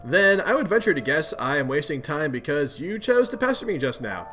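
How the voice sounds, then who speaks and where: A man's voice: on the high side, sing-song, brisk, sharp tone, soft background music. A man voicing an earnest, polite teenage boy hero in a webcomic read-aloud, sounding mildly bewildered.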